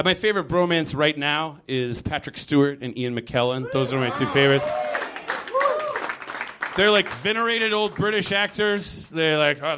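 A man doing a stand-up comedy set, animated and quick to jump into loud put-on voices. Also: a little high. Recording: live crowd laughing in the room. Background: audience laughter.

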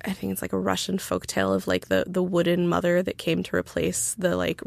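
A woman's voice: lowish voice, little pitch movement, a little fast, creaky, no echo. A woman telling a story in casual podcast chat, chatty with many fillers and sarcastic asides. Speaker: guest, writer.

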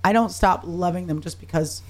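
A woman's voice: lowish voice, moderate pace. Tipsy woman guest chatting animatedly. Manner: animated storyteller, swearing. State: tipsy, voice worn from singing. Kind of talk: casual chat.

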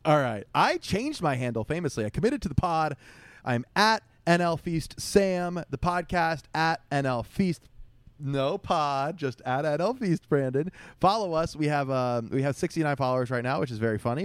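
A young man chatting on his podcast in a loose, rambling way, cracking jokes and laughing as he goes. His voice sits in an ordinary middle pitch. The sound is dry and close, with no room around it. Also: lively intonation, a little fast, dry recording. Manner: rambling, jokey, laughs often. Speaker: podcast co-host. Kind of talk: casual chat.

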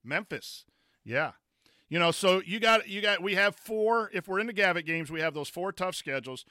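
A former coach talks through a casual sports chat in a bright, smooth voice. He rambles with many fillers and restarts, and the recording is dry and close. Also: sits high, expressive, normal speed, no room sound. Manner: reads chat comments aloud. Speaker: podcast co-host, former coach.

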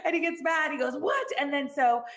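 A woman's voice: high voice, quick pace, fairly bright tone. A woman co-hosting a podcast, chatting casually, laughing often and acting out the characters' lines. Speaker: podcast co-host. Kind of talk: casual recap chat.

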